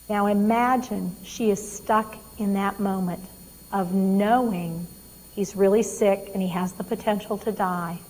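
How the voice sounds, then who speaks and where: A woman's voice: mid-range voice, a little mellow, big-room sound, poor audio. Emphatic woman giving a care training talk. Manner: emphatic, quizzes the audience.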